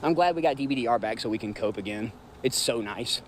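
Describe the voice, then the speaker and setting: A man's voice: medium pitch, animated, fast talker, background noise. A man in his thirties with a Southern US accent, hosting a livestream and ranting bluntly and profanely to his chat. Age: 30s. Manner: profane, blunt, rambling, talks straight to chat. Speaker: livestream host. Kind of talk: casual livestream rant.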